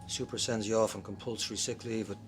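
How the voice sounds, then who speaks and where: Irish cop played by a man, sly and mocking, low voice, noisy background. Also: flat delivery, fast, natural voice. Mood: taunting. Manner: mocking, then defensive and insistent. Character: sly, taunting male police officer. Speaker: police officer. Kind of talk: TV crime drama acting. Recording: clear background noise.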